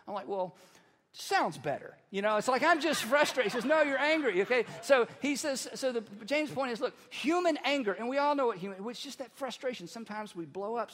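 A male pastor preaching a sermon in a conversational, animated way, with playful asides. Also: sits high, long reverb tail.

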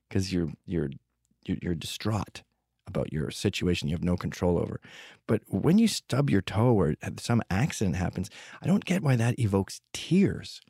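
A man's voice: lowish voice, warm tone, no echo, studio quality. A man telling rambling, profane stories with sardonic humor in a comedic monologue. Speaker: podcast host telling stories.

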